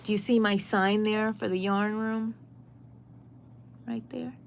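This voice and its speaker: A woman's voice: medium pitch, fairly even intonation, takes it slowly, gravelly, slight background noise. A middle-aged woman chats casually through a live stream. She talks in a friendly, rambling way and reads out viewers' comments and answers them as she goes. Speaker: crochet channel host.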